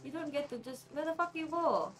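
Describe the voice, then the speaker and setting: A woman commentating her video game play, chatty and excitable, talking to the characters and swearing casually. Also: sits high, fairly quick. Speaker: gamer playing a video game. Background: soft game music.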